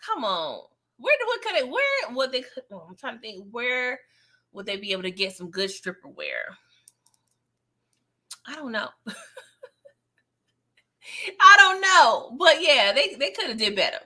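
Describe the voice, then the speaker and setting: A woman's voice: a little high, very animated, normal speed, bright, forceful tone. A woman hosting a casual live recap of a TV episode. She laughs often, uses plenty of slang, and speaks straight to her viewers.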